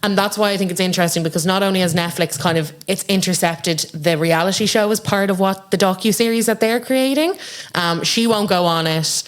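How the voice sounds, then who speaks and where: A woman's voice: mid-range voice, fairly quick. A woman in casual podcast chat, animatedly retelling a reality show scene. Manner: animated storyteller, acts out quotes. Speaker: podcast guest.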